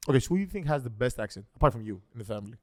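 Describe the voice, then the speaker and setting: A man with a light Greek accent hosts a relaxed sit-down chat, teasing his guest and doubling back on his words as he talks. His voice sits in a middle register. It is recorded close and dry, with no room sound. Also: mid-range voice, rapid-fire, no room sound. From Greece. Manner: playful, teasing, repeats and restarts words. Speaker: host. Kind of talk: casual interview chat.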